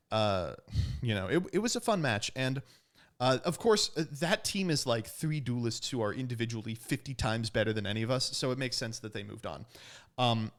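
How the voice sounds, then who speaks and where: A young man casually recounting a tournament, acting out what people said and laughing often. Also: mid-range voice. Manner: animated, laughs often, acts out quotes. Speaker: podcast host recapping a card tournament. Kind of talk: casual storytelling recap.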